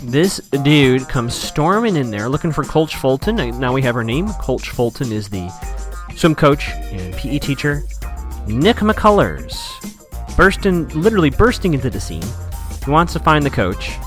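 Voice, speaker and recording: A man's voice: medium pitch, sing-song, moderate pace, soft background music. A man hosting a podcast, chattily recapping a TV episode and quoting characters in playful voices. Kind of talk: casual recap chat.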